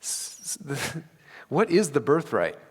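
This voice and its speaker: Guy preaching in a church, lively, puts on dramatic voices, long echoey reverb. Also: fairly high pitch, slow, husky. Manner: animated, acts out scripture with dramatic voices. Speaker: pastor. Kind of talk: sermon. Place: church sanctuary.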